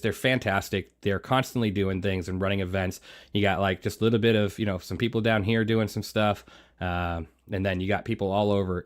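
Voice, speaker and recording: Male game streamer, low voice, laid-back and chatty, talks around a throat lozenge. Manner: relaxed, chatty, answers chat between flying. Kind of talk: casual live-stream chat.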